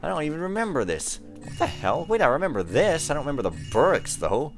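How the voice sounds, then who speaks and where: A man's voice: fairly high pitch, big pitch swings, fast, faint music behind. Ranting young man commenting on gameplay. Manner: ranting and easily frustrated. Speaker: let's play gamer.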